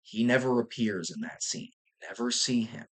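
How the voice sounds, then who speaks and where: A man's voice: medium pitch, animated, moderate pace, husky. A young man talking casually and enthusiastically about a film, rambling with fillers and restarts and casual swearing. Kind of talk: casual movie review vlog.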